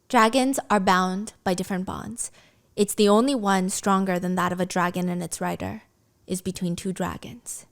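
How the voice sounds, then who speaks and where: A woman retelling a story in a casual, animated way with swearing and chatty asides. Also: mid-range voice.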